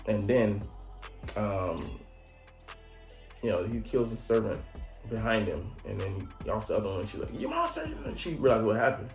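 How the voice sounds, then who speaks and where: A man with a lowish voice recaps an anime episode in a loose, rambling way, swearing freely and leaning on fillers. His voice bounces around an echoey room. Faint background music plays behind him. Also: gravelly, darkish tone. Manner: rambling, profane, full of fillers.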